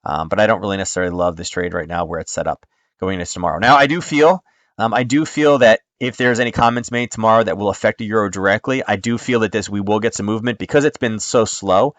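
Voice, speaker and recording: A man's voice: lowish voice, fast talker, a bit bright, dry recording. A man hosting a live trading stream, walking through charts in a chatty, step-by-step way with frequent ums.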